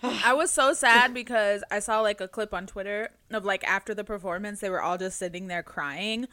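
A woman's voice: mid-range voice, moderate pace, sharp tone, dry recording. A young woman co-hosting a casual chat podcast, bubbly and playful with frequent giggles. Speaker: podcast co-host.

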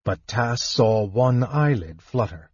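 Slow, expressive male audiobook narrator. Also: medium pitch, breathy edge, dry recording. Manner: measured, expressive storytelling. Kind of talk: scripted fantasy narration. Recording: dull lo-fi dry recording.

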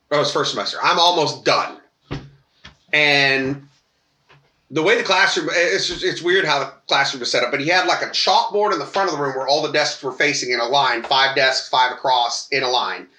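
A man's voice: mid-range voice, a little fast, pushed and bright, roomy sound. A man on a casual podcast telling a long personal story, acting out quoted voices and swearing freely. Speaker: podcast co-host.

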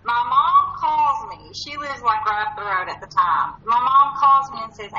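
Bright Eastern Kentucky woman, roomy distant sound. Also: fairly high pitch, expressive, normal speed, few pauses, muffled recording. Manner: chatty, self-deprecating storyteller with laughs. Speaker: guest. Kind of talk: casual interview.

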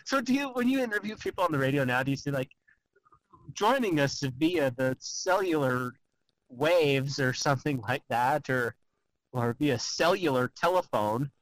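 Lively giggly man rambling on the phone. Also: mid-range voice, a little fast, dry recording, low-quality recording. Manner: rambling, giggly, lots of fillers. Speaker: podcast co-host. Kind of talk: casual chat. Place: calling in by cell phone.

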